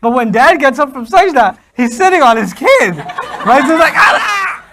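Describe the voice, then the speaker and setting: A man's voice: extremely high pitch, a little fast. Brief: male speaker, comic storytelling in a talk, acts out quotes, faint background noise. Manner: animated, acts out quoted voices. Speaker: Islamic speaker. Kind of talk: humorous lecture storytelling.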